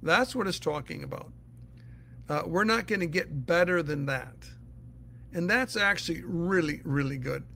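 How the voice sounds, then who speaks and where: Earnest man with a high, gravelly voice. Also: moderate pace, sharp tone, a little hiss or hum. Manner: earnest, plain-spoken, explains step by step. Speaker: Bible teacher answering listener questions. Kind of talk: casual spoken teaching.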